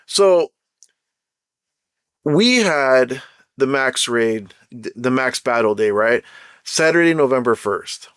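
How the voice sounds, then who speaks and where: A man with a Jamaican accent hosting his own podcast, talking in a blunt, chatty, animated way full of slang. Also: mid-range voice, slow, long pauses, clear, resonant tone, no echo, clean studio sound. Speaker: podcast host. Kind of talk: casual solo podcast talk.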